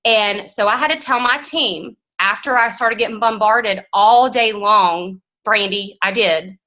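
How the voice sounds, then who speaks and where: A woman, giving a frank, animated motivational talk to her team as guest speaker. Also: mid-range voice, measured pace, rough recording.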